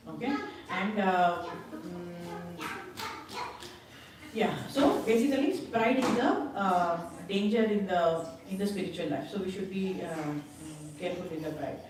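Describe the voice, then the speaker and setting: A woman's voice: fairly low pitch, a little slow, a crowd in the background. A woman giving a scripture class in a temple hall, retelling a story with acted quotes and bursts of laughter. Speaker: spiritual class speaker. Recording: very echoey hall, voice from far off.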